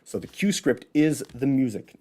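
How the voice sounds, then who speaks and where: With a warm, slightly rough mid-range voice, he sounds animated and keeps a moderate pace. He's a solo show host from Illinois in the Midwest, Chicago accent and all, giving a casual, talkative educational monologue. His habit is to raise rhetorical questions and answer them on his own.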